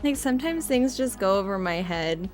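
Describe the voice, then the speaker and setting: A woman's voice: medium pitch, animated, moderate pace, soft background music. A woman co-hosting a podcast in casual chat, chatty and self-mocking, laughing often. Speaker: podcast co-host.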